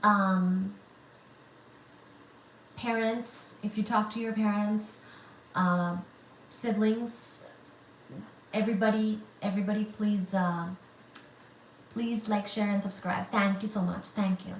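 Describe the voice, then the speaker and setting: A woman's voice: mid-range voice, fairly even intonation, slow, pauses often. A woman from India chats casually with her livestream viewers, reading their comments out and answering with teasing humor. She takes her time, speaking unhurriedly. The room around her rings with echo, and a faint noise sits under her voice. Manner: reads viewer comments aloud and answers them, teasing and chatty. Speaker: livestream host of a physics channel.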